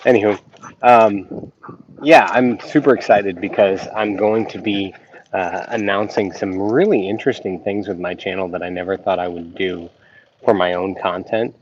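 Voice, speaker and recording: Man, low voice, casual live stream chat, rambling with many ums, muffled lo-fi audio. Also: steady tone, moderate pace. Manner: rambling, lots of ums, chatty with viewers. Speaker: YouTube reaction channel host. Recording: dull lo-fi sound with faint noise.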